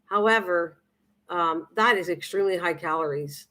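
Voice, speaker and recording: A woman's voice: on the low side, normal speed, sharp tone. A middle-aged woman chatting casually with viewers during a cooking live stream, rambling with many restarts and fillers.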